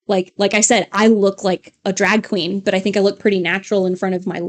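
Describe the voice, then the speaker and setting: Speaking fairly fast in a level, medium-pitched voice, this woman co-hosts a laid-back live stream from her LED-lit home studio. Her talk is loose and chatty, full of fillers and laughs.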